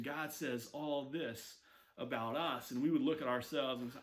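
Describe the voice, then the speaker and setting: A man preaching a sermon, telling stories with lively acted-out quotes. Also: mid-range voice, normal speed. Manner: animated storytelling with acted quotes. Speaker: pastor.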